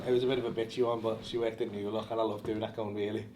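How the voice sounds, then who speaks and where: In an echoey room after a show, a male stand-up talks casually backstage with a fairly low, slightly mellow voice and a flat delivery. His banter is quick, blunt, and heavy on profanity.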